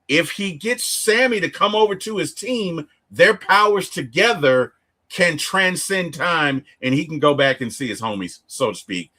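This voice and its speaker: A man talks through a movie plot in a relaxed chat, his pitch swinging up and down as he acts out lines. His voice is bright and sits a bit high for a man. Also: slightly rough. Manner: animated storytelling, acts out character lines. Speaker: movie reviewer. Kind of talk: casual film discussion.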